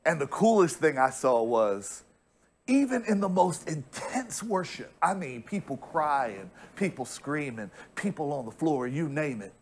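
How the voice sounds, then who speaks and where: Casting: American male preacher, high-ish voice, emphatic and repetitive sermon delivery. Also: sing-song, measured pace. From United States. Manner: emphatic storytelling, repeats words when pressing a point. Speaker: pastor.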